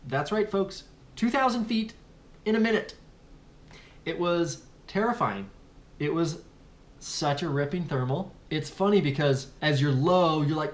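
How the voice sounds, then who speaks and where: In a casual vlog voice-over, a man narrates his own paragliding flight with animated energy, swearing freely and addressing his viewers as "folks." His voice is on the high side, and he speaks at a measured pace with long pauses.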